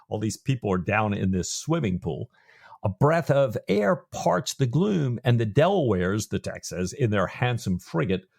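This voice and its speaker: A podcast co-host with a fairly low voice and vocal fry retells a novel's chapter in casual conversation. He tells it in an animated way, acting out and quoting its lines.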